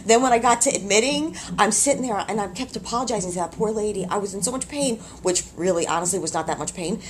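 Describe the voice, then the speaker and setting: Woman in labor, telling an animated story. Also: mid-range voice, fast talker, a little hiss or hum. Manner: animated, laughing, exclamatory. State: having contractions. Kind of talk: casual storytelling to camera. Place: hospital room, indoors. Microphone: handheld camcorder's built-in mic.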